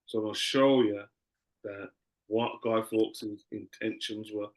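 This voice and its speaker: A man's voice: fairly low pitch, steady tone, a little slow. A man teaching a class in a loose, conversational way, often repeating himself.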